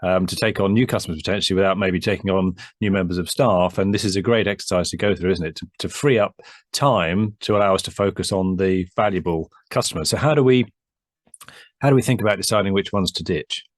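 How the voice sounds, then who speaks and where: A man's voice: deep voice, fast talker, no echo, clean studio sound. A man co-hosting a business advice discussion, speaking conversationally and prompting with questions. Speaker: business advisor and co-host.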